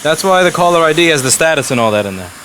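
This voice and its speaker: A man's voice: on the high side, very animated, racing, fairly bright tone, a little hiss or hum. A man running a repair shop, giving blunt, profane instructions to his staff in casual workplace talk.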